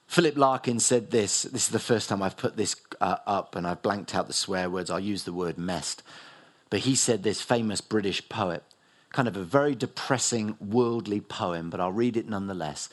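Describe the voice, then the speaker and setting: A middle-aged New man preaching a sermon as pastor, rising loud and high for emphasis and dropping low and soft. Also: moderate pace. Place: church hall.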